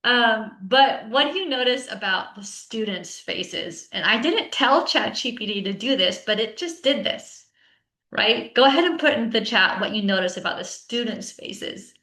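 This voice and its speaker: A woman presents to teachers in an online session, speaking as a coach in an easy, conversational way. Her voice sits a little high and is bright and forceful. She often tags her points with a quick "right?" while the sound rings with a roomy echo. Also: expressive. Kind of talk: conference talk to teachers.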